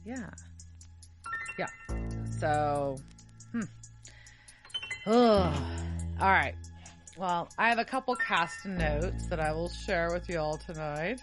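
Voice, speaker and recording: A woman hosting a podcast, recapping a TV episode in casual chat, animated and swearing freely. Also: on the low side, slow pace, long pauses, music in the background. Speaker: podcast host.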